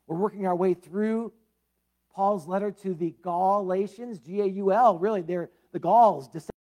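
A man's voice: high voice, moderate pace, mellow. A man, the pastor, giving a conversational sermon with prayer and a scripture reading, talking with fillers and casual asides.

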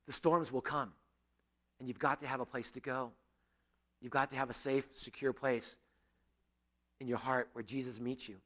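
A male pastor preaching a sermon to a gathered church, earnest, rising to emphatic peaks and dropping to hushed, quiet stretches. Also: steady tone, normal speed, long pauses. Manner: earnest, swinging between raised emphasis and hushed, low passages.

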